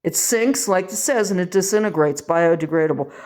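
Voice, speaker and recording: An older woman from the western United States, with a lowish, darkish voice and brisk delivery, films a home vlog. She rambles, mocks herself, and reads aloud from a label.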